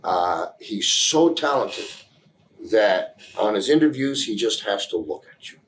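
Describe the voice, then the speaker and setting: A man giving a candid interview, telling a story in a rambling, halting way with many restarts, earnest and emotional in places. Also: on the low side, animated, a bit bright, a little hiss or hum, low-quality recording. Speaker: interview guest.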